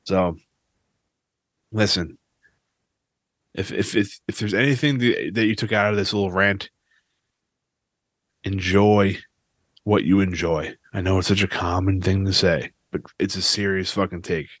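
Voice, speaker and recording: A man's voice: sits low, steady tone, measured pace, pauses often, no echo, studio quality. A man hosting his own podcast, ranting casually with lots of swearing. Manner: profane, ranting, restless. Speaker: podcast host.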